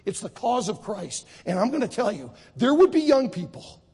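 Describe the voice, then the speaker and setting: A man preaching a sermon to high school students, telling a story with lively acted voices. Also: normal speed, slightly rough, long reverb tail. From United States. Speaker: Baptist preacher.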